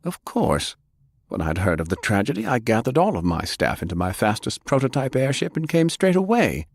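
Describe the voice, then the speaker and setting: A man's voice: medium pitch, huge pitch swings, normal speed, vocal fry, no echo, clean studio sound, pitched above the performer's own voice, full character voice. A man voicing a fat, blustering rich old grandfather who talks in a pompous, bellowing manner.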